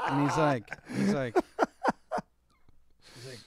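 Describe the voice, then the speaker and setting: A man's voice: a little high, big pitch swings, moderate pace, long pauses. A young man co-hosting a podcast, telling a long crude story in a rambling, laughing way. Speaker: podcast co-host. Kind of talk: casual chat.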